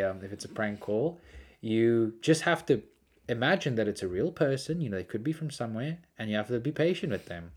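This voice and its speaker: A man telling prank-call stories in casual chat, animated and laughing often. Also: medium pitch. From South Africa.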